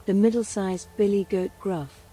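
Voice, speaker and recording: A woman voicing a middle-sized male billy goat, a little shaky but steady, from a storybook in soft whispered role-play. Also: mid-range voice, moderate pace, close to an everyday voice, rough recording. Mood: nervous pleading.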